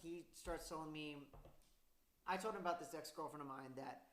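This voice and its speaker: A man's voice: on the high side, normal speed. Profane rambling young man, echoey room. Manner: profane, rambling, gets loud and laughing when worked up. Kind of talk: casual storytelling chat.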